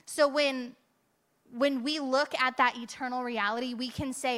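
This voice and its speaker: Bright-voiced woman preaching a sermon. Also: sits high, fairly even intonation, measured pace. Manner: conversational and emphatic, with rhetorical "right?" asides.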